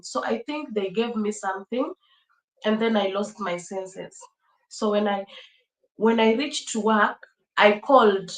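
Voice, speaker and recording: Young woman, livestream host, chatty and emotional, mid-pitched, recorded in an echoey room. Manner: chatty, emotional, repeats phrases, laughs often. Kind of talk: casual livestream chat with viewers.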